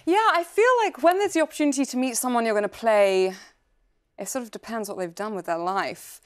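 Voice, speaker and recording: A woman who is an actress, a chat show guest discussing her roles in an animated, thoughtful way with frequent filler words. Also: on the high side, a little fast. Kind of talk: casual chat show interview.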